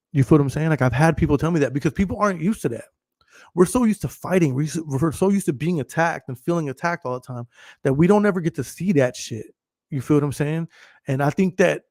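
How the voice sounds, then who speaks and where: Male podcast host, thirties, slightly high voice, dry close sound; brash, swearing, laughs a lot. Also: darkish tone, no echo. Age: 30s. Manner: profane, emphatic, laughs often. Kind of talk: casual livestream monologue.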